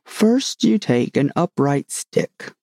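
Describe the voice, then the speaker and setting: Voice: mid-range voice, sing-song, slow pace, gravelly, mellow, dry recording, studio quality, full character voice. A storybook reader voicing a grave, muddled old knight who rambles proudly about his own inventions. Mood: earnest. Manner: grave, rambling, self-satisfied.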